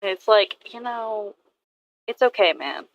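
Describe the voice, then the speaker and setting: A woman's voice: medium pitch, a little slow, highs cut off, a little hiss or hum. A woman artist chatting casually and rambling about her characters, swearing now and then. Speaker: artist vlogger. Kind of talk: casual chat while drawing.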